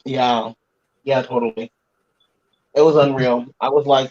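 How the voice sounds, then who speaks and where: A man's voice: medium pitch, fairly even intonation, a little slow, darkish tone, dull audio. A man hosting a casual group chat, talking in an emphatic, opinionated way. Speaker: podcast host.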